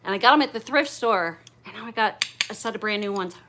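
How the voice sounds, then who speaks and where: Over a noisy background, a middle-aged woman talks quickly in a mid-range voice while opening gifts on her livestream. She's gushing, bubbly and a bit raunchy.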